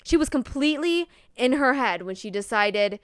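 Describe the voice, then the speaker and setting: A woman's voice: high-pitched, lively intonation, moderate pace, fairly bright tone, smooth, dry recording, clean studio sound. A young woman co-hosting a podcast, chatting casually and animatedly about a movie, laughing and swearing casually. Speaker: podcast co-host. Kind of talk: casual chat.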